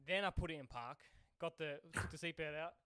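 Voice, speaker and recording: A man's voice: on the high side, clean tone, no echo. Riled-up Australian man telling stories. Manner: animated storytelling, quick to anger. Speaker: podcast co-host. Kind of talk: casual chat.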